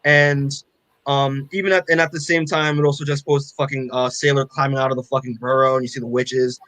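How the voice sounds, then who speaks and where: A man's voice: mid-range voice, little pitch movement, a little fast, a bit bright, no room sound, rough recording. Rambling, swearing man recapping a comic. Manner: rambling, profane, heavy with fillers. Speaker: podcast co-host. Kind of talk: casual chat recapping a comic.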